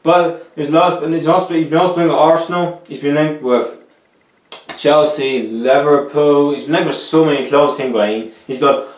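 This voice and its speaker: A man's voice: a little high, steady tone, moderate pace, reverberant, recorded from a distance. A man chatting casually to viewers about football transfers, joking as he goes. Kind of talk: casual football commentary vlog. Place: room cooled by two big fans.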